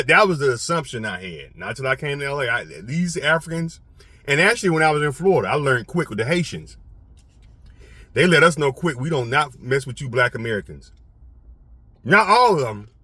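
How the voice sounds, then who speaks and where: A man talks to his viewers in a casual, emphatic and profane rant. His bright voice swings widely in pitch and has a slightly husky edge. The sound is close and dry. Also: no room sound. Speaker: channel host.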